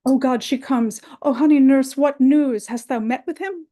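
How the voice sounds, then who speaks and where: A woman's voice: high voice, moderate pace, mellow, lightly acted. A woman reading the part of a young girl in love, impatient and pleading, in a Shakespeare play reading. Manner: urgent, pleading, rising exclamations.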